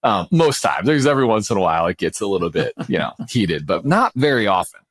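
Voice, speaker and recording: A man's voice: fairly low pitch, big pitch swings, fast talker, no room sound, studio quality. A man in his forties, a podcast co-host, telling a personal story candidly over a remote call, rambling with lots of restarts and calling people "man" and "dude".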